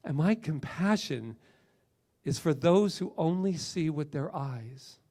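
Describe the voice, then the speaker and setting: Middle-aged male minister, gravelly, animated emphatic preacher. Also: on the high side, slow pace. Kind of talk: sermon.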